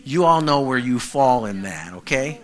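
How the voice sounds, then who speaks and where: A man's voice: mid-range voice, lively intonation, normal speed. A male pastor preaching a conversational sermon who keeps checking in with the congregation.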